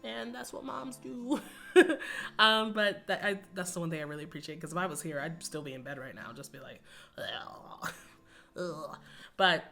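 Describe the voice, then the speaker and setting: A woman's voice: low voice, a little fast, fairly bright tone, soft background music. A woman, chatting casually to her viewers in a rambling vlog, laughing often and calling everyone "y'all.". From Texas, US. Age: 20s. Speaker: YouTuber.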